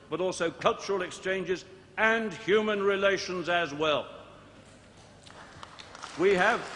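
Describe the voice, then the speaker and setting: A man in his sixties, a politician delivering a formal conference speech with measured, deliberate oratory and emphatic repetition. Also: a little high, a bit bright. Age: 60s. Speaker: politician addressing a party conference. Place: large indoor conference hall. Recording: archive broadcast, long hall reverb, faint noise.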